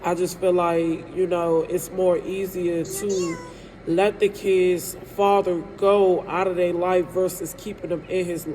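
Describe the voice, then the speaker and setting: A woman's voice: lowish voice, flat delivery, unhurried, warm tone, a little hiss or hum. A woman in her thirties speaks straight to her viewers in an emotional storytime vlog. She talks candidly and loosely, with hurt in her voice, and keeps checking in with the audience. A faint room ambience sits behind her. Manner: candid, rambling, frequent "you know what I'm saying". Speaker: live streamer telling her own story.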